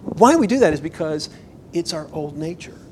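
Man, pastor, sermon, lively and emphatic, somewhat high voice, faint low rumble. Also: normal speed, rough recording. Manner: animated, conversational, rises to emphatic bursts.

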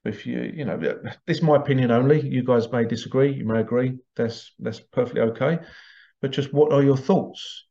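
Male vlogger, mid-pitched, mellow tone, rambling and repetitive, muffled lo-fi sound. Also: moderate pace, creaky. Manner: rambling, repeats words, chuckles between points. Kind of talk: casual monologue to viewers. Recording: dull lo-fi sound.

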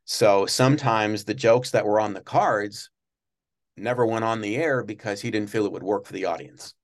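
A man's voice: lowish voice, normal speed. A man, a former studio page, telling stories as an interview guest with many restarts and fillers. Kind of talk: casual interview storytelling.

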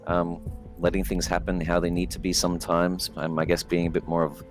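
Hesitant deep-voiced man playing a tabletop game. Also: monotone, fairly quick, soft background music. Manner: hesitant, many fillers, laughs easily. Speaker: player. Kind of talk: casual chat in a tabletop game.

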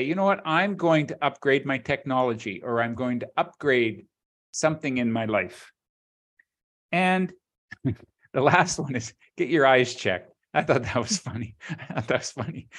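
A man's voice: fairly high pitch, a bit bright. A middle-aged man co-hosting a podcast, speaking earnestly and reflectively in casual conversation, with sayings and analogies. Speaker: podcast co-host.

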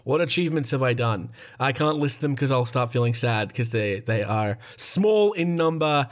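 A man in his thirties with an Australian accent, hosting a podcast in a profane, joking, rambling way and reading spooky stories aloud. His voice is hoarse and going. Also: mid-range voice, animated, normal speed. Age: 30s. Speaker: podcast host. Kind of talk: casual comedic podcast monologue and story reading.

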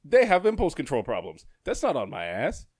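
Profane, animated man telling a work story. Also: fairly high pitch, brisk, breathy edge, dry recording, studio quality. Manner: profane, animated, laughs often. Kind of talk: casual storytelling chat.

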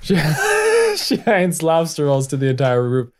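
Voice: mid-range voice, huge pitch swings, measured pace. A co-host narrating an improvised story, playful and jokey, often breaking into laughter.

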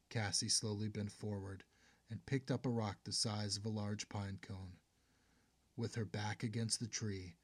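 A man narrating an audiobook in a steady, measured way, going hushed in tense passages. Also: fairly low pitch, no echo.

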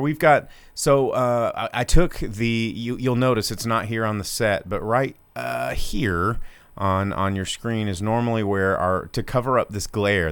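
Smooth-voiced man chatting casually. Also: fairly low pitch, a bit bright, no room sound. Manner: jokey, puts on mock voices. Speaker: podcast co-host. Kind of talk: casual chat.

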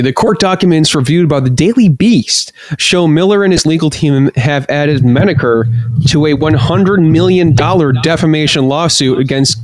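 A man's voice: medium pitch, no echo. A man hosting a casual comedy podcast, joking around and reading out news items with plenty of fillers. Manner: jokey, reads news items aloud with many fillers. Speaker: podcast host.

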